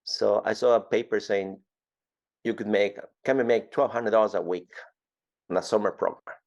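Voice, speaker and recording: On lo-fi sound, this interview guest, an Ecuadorian man in his fifties with a matching Spanish accent, animatedly shares his story at a normal pace. His voice is on the low side with vocal fry, and he often repeats words.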